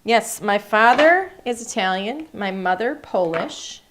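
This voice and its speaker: A woman's voice: fairly high pitch, animated, measured pace, a bit bright, slight background noise. A woman hosting a live craft class, chatting enthusiastically and thinking aloud as she works. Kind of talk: live-streamed craft demonstration. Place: craft studio.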